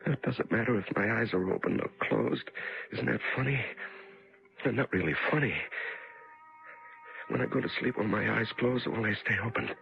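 An actor playing a frightened male prisoner alone in a dark cell, muttering to himself in halting bursts between panic and hush, in an old radio drama. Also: on the low side, creaky. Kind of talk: 1950s radio drama acting. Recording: lo-fi old radio recording with music.

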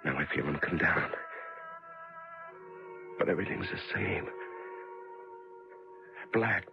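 An actor playing a frightened male prisoner alone in a dark cell, muttering to himself in halting bursts between panic and hush, in an old radio drama. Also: sits low, lively intonation, vocal fry, exaggerated voice. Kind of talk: 1950s radio drama acting. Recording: lo-fi old radio recording with music.

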